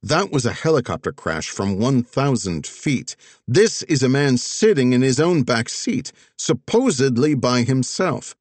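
A man voicing a methodical male investigator who makes his case in a measured, insistent way. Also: mid-range voice, sing-song, a little mellow, dry recording, pitched above the performer's own voice.

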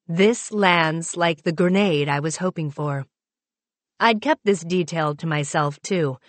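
A woman reading a first-person novel aloud in a measured, even manner. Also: low-pitched, no echo. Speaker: audiobook narrator.

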